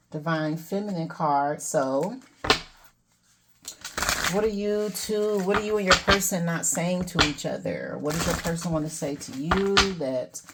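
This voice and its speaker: Woman, oracle card reader, deep voice, gentle and emotional, loud background noise. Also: creaky. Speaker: tarot reader. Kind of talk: casual oracle card reading.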